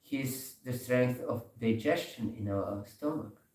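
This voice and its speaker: A man giving a sermon in a temple hall, telling a story slowly with many pauses and soft laughs. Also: mid-range voice, recorded from a distance. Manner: slow storytelling with frequent pauses and hesitations, laughing softly. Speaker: speaker giving a scripture class.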